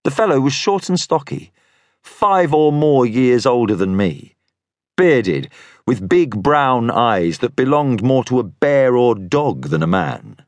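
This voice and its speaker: A male audiobook narrator tells a first-person story slowly and with care, his pitch rising and falling expressively. His voice sits in a middle register. The studio recording is close and completely dry. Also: sing-song, no room sound. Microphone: studio microphone.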